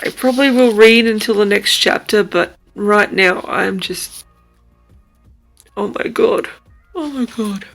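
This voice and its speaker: Gushing and emotional, a young bespectacled woman rambles about a book in her casual reading vlog. Her voice is medium-pitched, a little slow, fairly bright and touched with vocal fry, recorded roughly on a camera mic with faint music behind.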